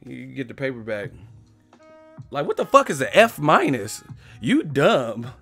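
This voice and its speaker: A man's voice: mid-range voice, huge pitch swings, unhurried, creaky, husky, no room sound. Dude ranting on his boxing stream, cussing, laughing at his own jokes, bit of music in the back. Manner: loud, profane, mocking, laughs often. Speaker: boxing live-stream host. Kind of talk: casual live-stream rant reading chat.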